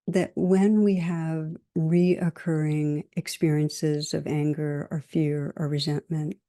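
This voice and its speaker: Woman, middle-aged, meditation teacher, dharma talk, low voice, mellow tone, gentle measured delivery. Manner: gentle, measured, with lists and told stories.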